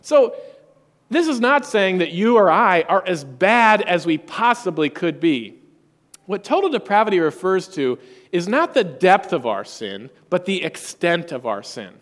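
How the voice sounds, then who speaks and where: A pastor preaching a sermon, emphatic and rhetorical. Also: male voice, high voice, big pitch swings, measured pace, long reverb tail.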